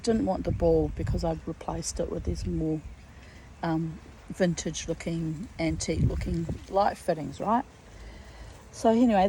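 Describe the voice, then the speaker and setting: A woman's voice: lowish voice, dark tone, slight background noise, poor audio. Blunt, chatty woman in her fifties. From New Zealand. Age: 50s. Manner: blunt, chatty storyteller with swearing. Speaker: vlogger. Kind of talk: casual rambling monologue. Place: garden outdoors.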